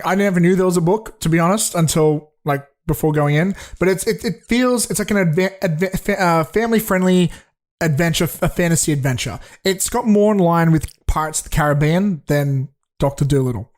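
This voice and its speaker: A young podcast host talks through a film review in loose, casual chat. His voice sits a little high, and he rambles, swears freely and keeps restarting his sentences. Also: brisk.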